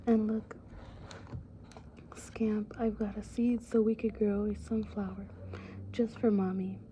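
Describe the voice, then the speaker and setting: A woman voicing an eager young male mouse, the big brother, in a soft whispered role-play. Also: medium pitch, little pitch movement, slow, slight background noise, lightly acted.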